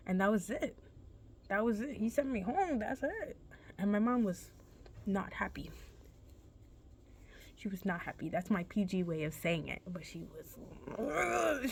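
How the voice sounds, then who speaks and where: A woman's voice: mid-range voice, lively intonation, a little slow, vocal fry, long pauses, husky. A young woman vlogger casually telling a personal story, rambling and correcting herself in a laid-back, chatty way.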